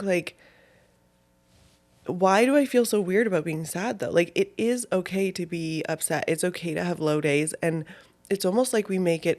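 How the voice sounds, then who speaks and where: A young woman hosting her own podcast, chatting casually in a rambling way with lots of fillers and swearing, sounding a bit low. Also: darkish tone. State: low-spirited. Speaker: podcast host. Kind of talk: casual solo podcast chat.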